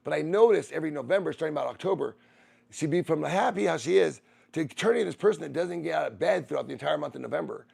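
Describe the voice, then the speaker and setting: Gravelly man telling a rambling story. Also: fairly high pitch, fast, a little mellow. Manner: meandering, restarts and repeats phrases. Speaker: streamer.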